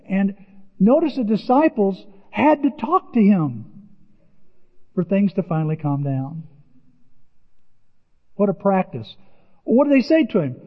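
An older man preaching a sermon in an animated way, jumping in pitch as he acts out the voices he quotes. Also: measured pace, long pauses, breathy edge. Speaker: pastor. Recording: dull, lo-fi audio with long hall reverb.

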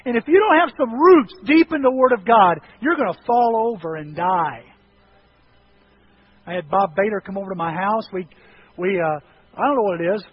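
A middle-aged male pastor preaching a sermon in a church, telling lively stories with self-deprecating humor. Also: high-pitched, moderate pace, highs cut off, a little hiss or hum. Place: church sanctuary.

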